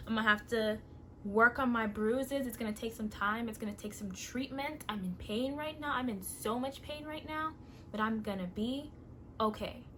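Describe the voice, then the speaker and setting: A woman's voice: a little high, normal speed, a bit bright, slight background noise, lightly acted. A woman voicing a hurt male stuffed frog who talks himself into getting back up. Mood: determined. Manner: woeful then self-encouraging.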